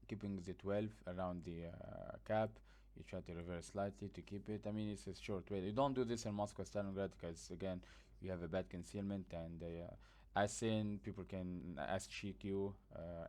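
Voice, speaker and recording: A man's voice: sits low, darkish tone. A man giving a casual, blunt gameplay tutorial, sleepy after just waking up, rambling with plenty of fillers. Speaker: gaming guide creator.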